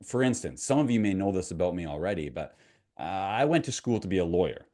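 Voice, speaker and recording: A man with a deep, low voice speaks as a mindset coach. He tells a story in a relaxed, conversational way and turns to the viewer with questions. He is middle-aged and from Canada. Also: fast talker. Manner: conversational, asks the viewer questions, retells a parable. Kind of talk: motivational storytelling to camera.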